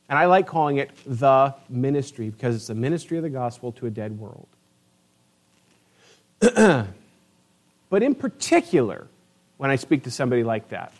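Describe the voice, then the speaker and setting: Male pastor, sermon delivery, earnest conversational preacher, slightly high pitch. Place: church sanctuary.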